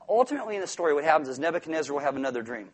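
Male pastor, high voice, animated sermon delivery with acted-out quotes. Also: racing. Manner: animated, acts out quotes and toddlers with big swings in volume.

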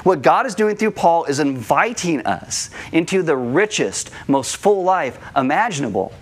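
Animated male pastor preaching. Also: a little high, unhurried. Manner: animated storytelling, acts out kids' voices. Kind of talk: sermon. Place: church room.

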